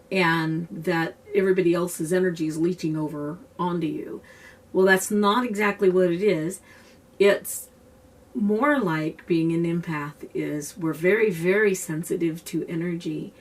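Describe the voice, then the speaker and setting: A woman with a husky, slightly low voice talks earnestly to the camera, explaining her experience in a loose, conversational way. She sits some distance from the microphone, so her voice sounds set back. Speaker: self-described empath teaching a technique. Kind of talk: casual explanatory talk to camera.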